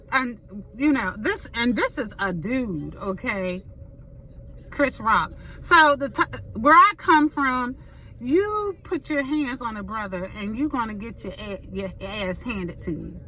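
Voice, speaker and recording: A woman's voice: sits high, pushed and bright, poor audio. Blunt, emphatic woman giving opinions. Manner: blunt, emphatic, repeats "okay?" to drive points. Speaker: commentary host. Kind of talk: opinionated casual commentary.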